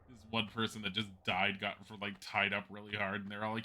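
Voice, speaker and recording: A man's voice: lowish voice, level tone, brisk, few pauses, sharp tone. A man streaming a video game live, rambling and chatty in casual commentary, laughing often and swearing casually.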